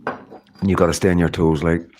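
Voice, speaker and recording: Middle-aged guy rambling on his live stream, lowish voice, laughs a lot. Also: level tone, moderate pace, darkish tone, slight background noise. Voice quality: rambling, chatty, laughs often. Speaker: livestream host. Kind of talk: casual live-stream chat.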